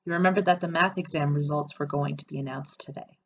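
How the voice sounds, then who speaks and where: A woman reads an interactive story game aloud and breaks in with chatty, sarcastic remarks. Her voice sits on the low side. The recording sounds dull and has a faint hiss underneath. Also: fairly even intonation, fast talker. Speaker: player reading an interactive story. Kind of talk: reading game text aloud with reactions.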